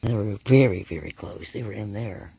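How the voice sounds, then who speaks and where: A man researching bigfoot, talking casually and excitably to the camera outdoors in the woods at night. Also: fairly low pitch, normal speed, gravelly, slightly rough. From Florida. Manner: talkative, hushed and excitable. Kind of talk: casual field narration to camera.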